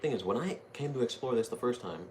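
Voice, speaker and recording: A young man streaming a video game gives quick, expressive commentary in a mid-range voice, full of jokes and rambling thoughts, with loud game audio in the background.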